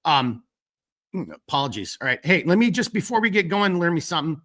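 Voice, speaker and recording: A man with a bright, forceful voice that sits a little high for a man hosts a live stream. He talks casually and rambles, leaning on fillers as he reads out shout-outs from the chat. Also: sing-song, fairly quick. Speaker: host of a live stream talk show.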